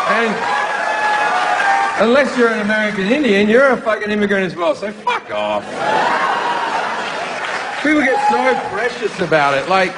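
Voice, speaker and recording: A brash, profane Australian man doing stand-up on stage, his voice pitched high for a man. Loud laughter and crowd noise from a packed theatre fill the live recording. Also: long reverb tail. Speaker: stand-up comedian. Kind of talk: stand-up comedy routine.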